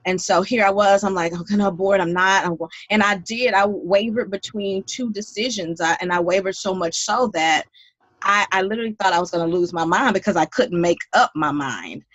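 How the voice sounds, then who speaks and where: A woman's voice: medium pitch, normal speed, fairly bright tone, no room sound, muffled recording. A woman in her thirties, a podcast guest, telling her life story in an earnest, heartfelt way. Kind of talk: podcast interview.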